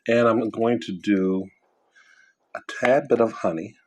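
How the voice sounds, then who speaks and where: Low-voiced man chatting while eating. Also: steady tone, a little mellow. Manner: rambling, chewing and pausing mid-sentence. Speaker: mukbang vlogger. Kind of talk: casual chat while eating.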